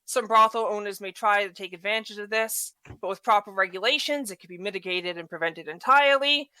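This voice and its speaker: A woman's voice: medium pitch, brisk, pushed and bright, clean tone, no room sound. A woman with a thick non-native accent, a podcast guest reading out a prepared argument and stumbling now and then. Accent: non-native English. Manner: stumbles and restarts, laughs it off.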